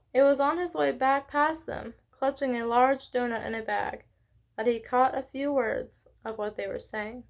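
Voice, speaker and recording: A woman reading a children's novel aloud in an expressive way, with small slips and self-corrections. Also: a little high. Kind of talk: read-along book narration.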